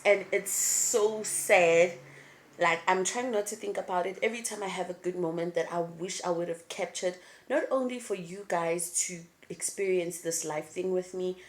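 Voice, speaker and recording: Candid woman vlogger. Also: slight background noise. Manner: candid, emotional, swings between laughing and low tones. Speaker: YouTube vlogger. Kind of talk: casual chat to camera.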